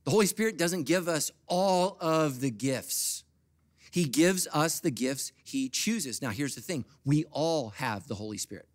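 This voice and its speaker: A middle-aged man preaching a sermon as pastor, swinging from quiet, confiding asides to loud, high-pitched bursts. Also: animated, a little slow, no room sound.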